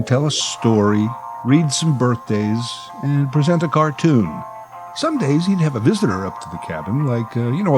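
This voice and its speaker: A man's voice: mid-range voice, a little mellow, slightly rough, rough recording. A man telling a nostalgic childhood story in a wry, conversational way, full of asides. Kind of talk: storytelling monologue.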